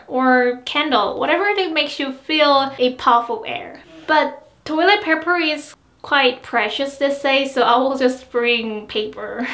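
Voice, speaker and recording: A bright, high-voiced young woman teaches pronunciation with a cheerful tone and repeats each syllable slowly. Her lesson sounds a little echoey, with faint music underneath. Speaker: Korean language teacher. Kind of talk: friendly online language lesson.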